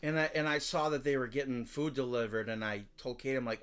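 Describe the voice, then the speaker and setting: A man co-hosting a casual podcast, ranting in an animated way and swearing freely. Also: mid-range voice, a little fast, clean tone. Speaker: podcast co-host. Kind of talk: casual chat.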